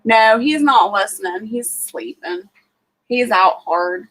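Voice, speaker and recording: A chatty woman with an Ohio accent, talking casually on a livestream in a somewhat high voice. She rambles along with plenty of "um" and "like" and greets viewers as they drop in. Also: lively intonation, slow pace, fairly bright tone, low-quality recording. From Ohio, USA. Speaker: homesteading livestream host.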